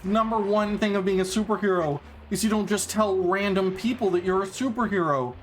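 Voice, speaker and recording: A man's voice: high-pitched, brisk. Rambling man chatting mid-game. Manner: rambling, many fillers and restarts. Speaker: speedrunner streaming a game. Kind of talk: casual chat while gaming. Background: game music.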